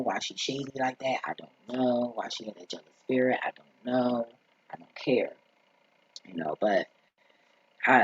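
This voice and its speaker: The vlogger, husky and medium-pitched, tells a rambling story on a dull lo-fi recording. He's blunt and profane, drifts into asides, and keeps saying "you feel me."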